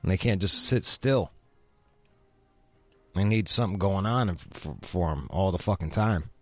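A man's voice: low-pitched, normal speed, no room sound, soft background music. Fired-up, profane man riffing. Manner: animated, swearing, rising into loud outrage. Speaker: show host. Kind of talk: casual profane banter.

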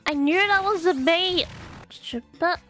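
A young woman streaming a video game live, chatting to viewers with excitable gasps and squeals. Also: very high-pitched, slow pace, soft background music. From Australia. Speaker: VTuber streamer. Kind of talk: gameplay live stream chat.

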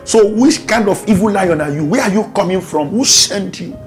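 Man, pastor, fervent shouted prayer, speaking in tongues, faint music behind. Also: high voice, lively intonation, normal speed. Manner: shouted, repetitive declarations mixed with tongues.

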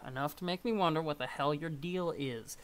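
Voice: medium pitch, moderate pace, lightly acted. A streamer voicing a grumpy, insult-slinging teenage troll boy while reading a webcomic aloud on stream. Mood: irritated. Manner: irritable, scornful.

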